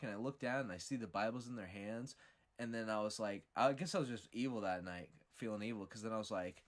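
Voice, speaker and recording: A man hosting a podcast who tells stories in a profane, animated way. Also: lowish voice, fast talker. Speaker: podcast host. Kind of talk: casual storytelling.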